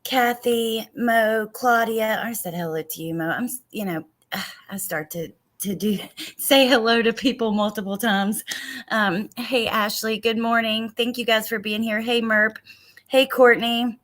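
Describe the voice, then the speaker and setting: A woman's voice: on the high side, measured pace, a bit bright. A woman hosting a casual true crime livestream, talking a lot and greeting viewers by name, a little frustrated.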